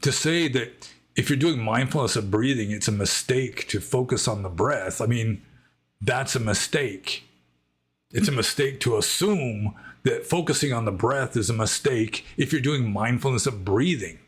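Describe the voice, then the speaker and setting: Husky-voiced man musing through viewer questions. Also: medium pitch, expressive, moderate pace. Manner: rambling, thinks aloud with many "I mean" asides. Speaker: Buddhist monk answering viewer questions. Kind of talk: casual Q&A monologue.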